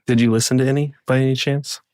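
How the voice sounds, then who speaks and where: A man's voice: mid-range voice, level tone, fast, a little mellow, dry recording. A man, the podcast's producer, in casual chat with a dry, teasing manner, laughing easily.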